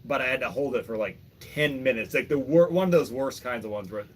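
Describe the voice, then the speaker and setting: Man telling stories in a measured way. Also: medium pitch, husky. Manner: measured, self-mocking storyteller. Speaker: podcast host. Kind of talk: casual chat.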